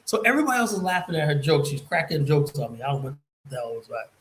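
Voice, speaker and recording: A man streaming a casual monologue, telling a story in a rambling, profane way that swings from muttering to loud emphasis. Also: on the high side, very animated, racing, poor audio. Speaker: streamer and commentator.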